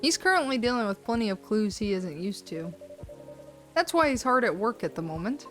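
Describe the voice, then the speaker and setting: A woman's voice: mid-range voice, sing-song, normal speed, a bit bright, faint music behind. A woman voicing a kind, attentive café barista in a cozy game. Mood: friendly. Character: kind café barista serving night guests.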